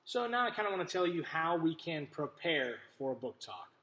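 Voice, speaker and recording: A male teacher giving a video lesson to young children, speaking in a clear, friendly voice straight to the camera. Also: a little high, big pitch swings, moderate pace, sharp tone, low-quality recording. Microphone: camera in front of him.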